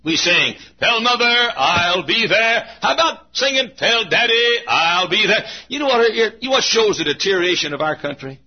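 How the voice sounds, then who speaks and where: A man preaching a sermon in a church, folksy, swinging from low asides to shouts. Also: husky. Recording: muffled lo-fi recording.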